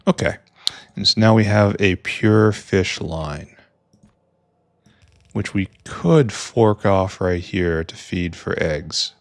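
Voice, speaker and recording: A man with a low, deep voice talks slowly through a game he is playing, rambling and thinking aloud. He makes wry little asides and often drops into quiet mutters to himself. The sound is dry and close to the mic. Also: gravelly, no echo. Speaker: gameplay streamer. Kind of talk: casual let's-play commentary.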